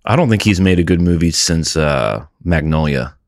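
A man's voice: a bass voice, animated, moderate pace, no echo, clean studio sound. A man in casual chat, laid-back and sarcastic about movies.

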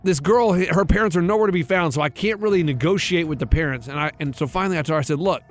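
He talks fast with few pauses, his pitch fairly high, as soft music plays behind him. A man in his thirties co-hosting a radio show, he's telling a rambling, animated story in casual conversation and acting out the voices in it.

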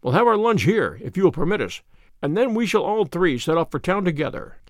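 A man reading an audiobook, voicing a calm, authoritative detective with a measured manner. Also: high voice, no room sound, clean studio sound. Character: sharp, commanding male detective, calm and cryptic.

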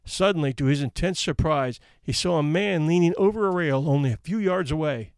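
A man's voice: a little high, a little fast, no echo, clean studio sound. A man hosting a podcast, narrating stories in a wry, conversational reading style. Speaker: podcast host. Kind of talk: storytelling narration.

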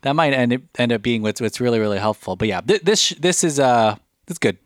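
A man's voice: mid-range voice, animated, fast talker, dry recording. Man chatting on a podcast, dry sound. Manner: rambling, restarts, jokey. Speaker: podcast co-host. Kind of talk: casual chat.

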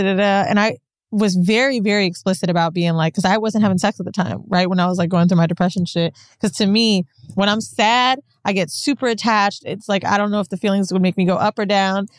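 A woman co-hosting a podcast, telling personal stories in a candid, animated way. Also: medium pitch, dry recording, studio quality. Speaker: podcast co-host. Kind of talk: casual chat.

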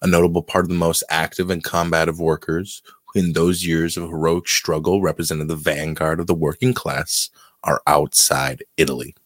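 Deep-voiced man reading aloud. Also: little pitch movement, no echo. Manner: reads text aloud haltingly, stumbling on words. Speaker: podcast co-host. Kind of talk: casual political podcast chat and reading aloud.

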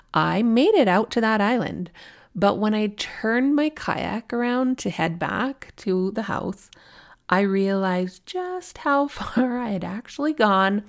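Gravelly-voiced woman podcast host, candid. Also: medium pitch. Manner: candid, heartfelt, emotional. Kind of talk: personal storytelling podcast.

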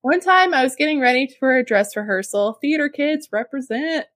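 A woman co-hosting a podcast, reading a listener's letter aloud in an expressive way. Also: sits high, normal speed, dry recording, clean studio sound. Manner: expressive, laughs often. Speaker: podcast co-host.

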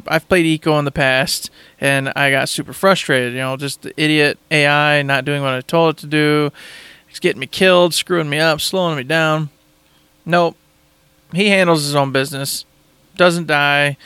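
A man's voice: a little high, a bit bright, clear, resonant tone, no room sound. A man in casual chat, raving about a game in an enthusiastic, rambling way and repeating himself.

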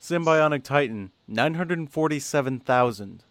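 A man's voice: on the high side, lively intonation, a bit bright, no room sound. Casual chatty male podcast host. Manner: rambling with fillers and restarts, reads numbers out slowly.

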